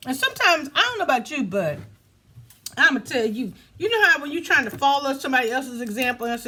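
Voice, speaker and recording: A woman's voice: high voice, sing-song, quick pace, pushed and bright. A woman hosting a casual crafting tutorial, chatty and self-laughing, talking straight to her viewers. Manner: chatty, laughs at herself, talks to viewers as y'all. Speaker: crafting video host.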